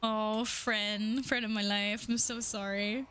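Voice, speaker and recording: A woman's voice: medium pitch, flat delivery, slow, fairly bright tone, a little hiss or hum. A young woman streaming a game, chatting casually with her viewers, playful, swearing freely and laughing often. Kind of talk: casual live-stream chat.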